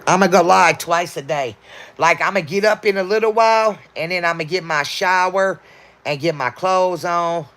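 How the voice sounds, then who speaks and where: A woman's voice: fairly low pitch, moderate pace, fairly bright tone. A woman livestreaming, chatting casually and answering her viewers' comments as they come in.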